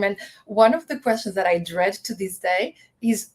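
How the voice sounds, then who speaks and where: A woman from the Canary Islands, Spain, speaks as a guest in a casual interview, reflective and prone to frequent restarts and reported dialogue. Her voice is mid-range and her speed normal.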